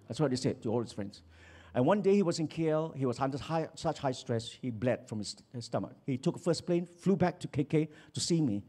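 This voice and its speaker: Male pastor, husky, sermon storyteller with a wide-ranging delivery. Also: medium pitch, fairly quick. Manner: storytelling, animated with acted quotes.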